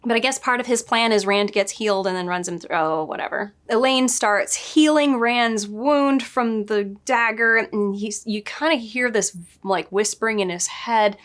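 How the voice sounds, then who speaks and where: A woman giving a casual spoken review, chatty and digressive, often laughing and adding quick asides. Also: fairly high pitch, fairly bright tone. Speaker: book and show reviewer.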